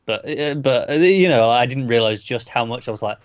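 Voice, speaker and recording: A man's voice: medium pitch, fairly quick, clear, resonant tone, no room sound, highs cut off. A man co-hosting a podcast about TV episodes, chatting casually and thinking aloud with hesitant restarts. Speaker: podcast co-host. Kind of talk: casual chat.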